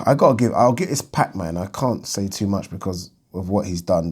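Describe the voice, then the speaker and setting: A man's voice: sits low, animated, moderate pace, a little mellow, breathy edge. A man hosting his own boxing channel, chatting bluntly about the news and thinking aloud with plenty of ums. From United Kingdom. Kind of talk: casual solo commentary on boxing news.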